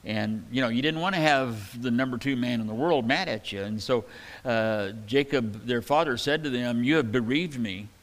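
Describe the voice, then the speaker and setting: A man preaching a sermon in a relaxed, conversational way, reading scripture aloud and adding casual asides. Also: mid-range voice, normal speed. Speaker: pastor. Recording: hall reverb.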